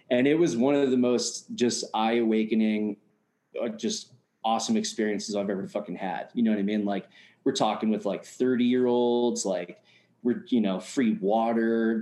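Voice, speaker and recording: A man's voice: on the low side, steady tone, moderate pace, warm tone. A man from the United States telling a story in a casual, slangy, profane way, full of fillers like "you know what I mean.". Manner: slangy, profane, laid-back. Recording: roomy echo.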